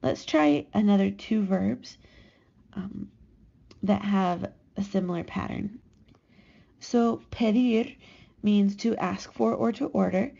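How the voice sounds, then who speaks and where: A woman explains a grammar lesson at an unhurried pace, stretching out each verb form so it can be copied down. Her voice is heavily gravelly with a dark, mellow tone. The recording sounds slightly dull and lo-fi. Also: medium pitch. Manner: slow, careful, drawn-out modeling of conjugations. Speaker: Spanish teacher.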